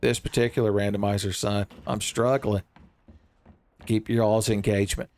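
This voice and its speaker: A man giving casual, jokey let's-play commentary, rambling and breaking into excitable outbursts. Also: lowish voice, normal speed, slight background noise. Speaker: gaming streamer.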